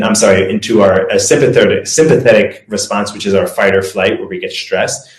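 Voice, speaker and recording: A man giving a casual presentation as a performance coach, talking loosely with self-corrections and leading breathing exercises. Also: lowish voice. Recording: echoey room.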